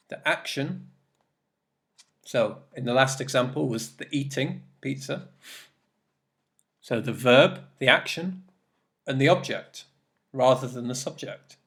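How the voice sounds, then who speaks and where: Slow, deliberate male English teacher. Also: mid-range voice. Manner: slow, deliberate explaining with repeated examples. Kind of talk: recorded grammar lesson.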